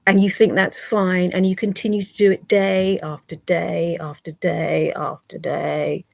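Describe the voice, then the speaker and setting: A woman's voice: lowish voice, level tone, a little slow, gravelly. A British woman on a livestream, bluntly scolding and swearing at online trolls.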